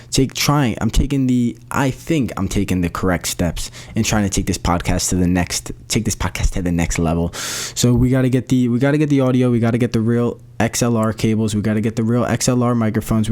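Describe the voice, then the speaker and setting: A man's voice: on the low side, a little mellow. A young man hosting his own podcast, talking casually in a slangy, rambling way with lots of restarts. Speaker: podcast host. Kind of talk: solo podcast update.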